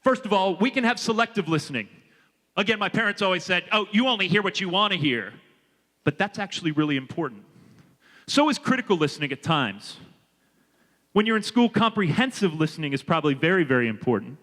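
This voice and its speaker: High bright-voiced man speaking in a hall. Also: fast talker. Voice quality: energetic, animated and audience-engaging. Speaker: leadership speaker. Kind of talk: motivational talk to students. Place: large hall with a student audience. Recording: reverberant hall with a long echo.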